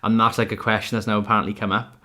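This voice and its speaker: A man with a fairly low voice hosts a relaxed home podcast. He rambles, uses many fillers and restarts his points, and laughs often. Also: rapid-fire. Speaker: podcast host. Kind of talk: casual chat. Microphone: audio-only podcast mic.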